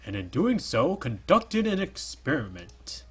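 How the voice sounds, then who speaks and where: A man voicing a haughty aristocratic male experimenter from a visual novel, in a lofty, theatrical and hoarse voice. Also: medium pitch, wildly swooping pitch, measured pace, full character voice.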